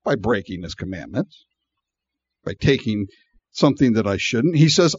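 A man preaching a sermon with a lively, animated delivery, his pitch rising and falling a lot. He talks to his listeners casually and acts out the people in the story. The sound is dry and a little dull. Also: normal speed, slightly rough, no echo. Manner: animated and conversational, acting out voices with frequent laughs. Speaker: pastor.

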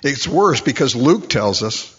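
A man preaching a sermon, animated and acting out the voices in the story. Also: mid-range voice, a little slow, slightly rough. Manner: animated, acts out voices in quotes. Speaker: pastor. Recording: dull lo-fi recording.

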